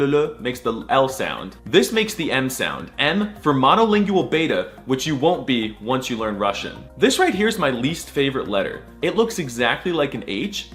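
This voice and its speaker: Playful man, lively voice. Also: normal speed, hardly any pauses, soft background music. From United States. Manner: mock-serious, playful, repeating sounds, sudden squeaky outbursts. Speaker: comedic language teacher. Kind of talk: comedic alphabet lesson.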